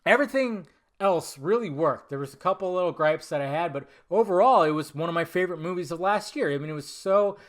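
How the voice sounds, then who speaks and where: A man's voice: sits high, expressive, quick pace. A man hosting a film podcast in casual chat, swearing freely and rambling off on tangents with lots of self-corrections. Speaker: podcast host.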